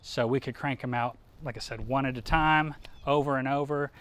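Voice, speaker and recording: A man runs a live outdoor cooking demo in a loose, chatty way. His voice sits at an ordinary middle pitch, and he fills his talk with easy asides and fillers. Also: fairly even intonation, moderate pace, fairly bright tone. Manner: casual, chatty, upbeat, many fillers. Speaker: cooking demonstrator.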